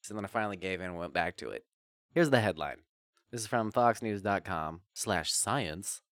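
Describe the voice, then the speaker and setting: A man's voice: low voice, moderate pace, no echo. A young man co-hosting a podcast, chatting crudely and laughing a lot as he tells stories close to the mic. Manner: crude, giggly, animated storyteller. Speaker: podcast co-host. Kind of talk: casual podcast banter. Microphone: close studio mic.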